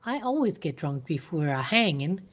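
A woman voicing a drunk, leering male small-town sheriff who talks in a slow drawl. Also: low-pitched, sing-song, lo-fi sound.

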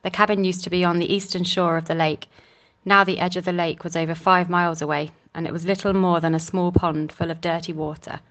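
Scripted narration from a female audiobook reader: she takes a chapter of a novel at a steady, deliberate pace, her voice pitched somewhat low.

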